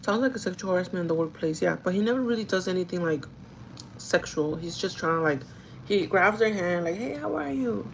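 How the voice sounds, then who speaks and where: A woman's voice: fairly low pitch, a little fast, slight background noise, rough recording. A woman who works as a store manager tells a casual, gossipy story to her livestream chat, full of "like" and the odd swear word. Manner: chatty and gossipy, with frequent "like" and swearing.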